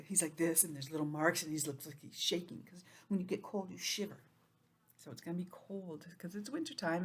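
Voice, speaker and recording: Gentle sing-song teacher woman. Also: lowish voice, slight background noise. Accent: New England. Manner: gentle, sing-song and expressive, acting out feelings. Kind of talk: online lesson for young children.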